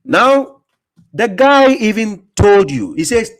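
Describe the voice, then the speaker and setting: High-voiced man mocking a rival. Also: very animated, moderate pace. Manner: mocking, emphatic, laughs often, repeats words. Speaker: host reacting to a video. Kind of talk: reaction commentary.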